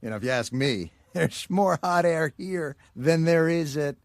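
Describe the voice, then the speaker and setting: A man's voice: fairly high pitch, expressive, measured pace, no room sound. A man with dry, wry comic delivery in a cartoon clip. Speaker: comedian guest voice in cartoon. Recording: TV episode clip audio.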